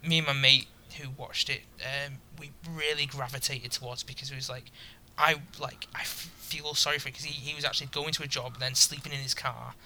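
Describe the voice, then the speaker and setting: Male co-host, very bright tone, chatty storytelling, faint background hiss. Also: medium pitch, steady tone, a little fast, hardly any pauses. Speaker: podcast co-host. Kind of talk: casual sports chat.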